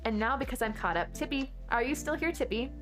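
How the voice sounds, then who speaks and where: A woman's voice: a little high, animated, brisk, music in the background. A woman from Texas, chatting casually with her viewers and answering chat during a game stream.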